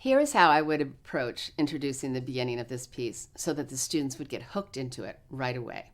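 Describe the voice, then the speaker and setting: A woman choral clinician, giving a recorded workshop lesson in a clear, measured teacherly way. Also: extremely low pitch. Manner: energetic rehearsal coaching with choir.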